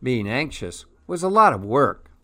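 A man reading a children's picture book aloud in a gentle, expressive way. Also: mid-range voice, a little slow. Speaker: storyteller.

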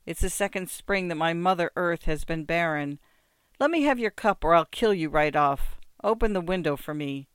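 A man's voice: a little high, animated, normal speed, clean tone, no echo, studio quality. A man voicing a drunk, grieving peasant who pleads and threatens through tears. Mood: anguished. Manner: loud, tearful, pleading and threatening.

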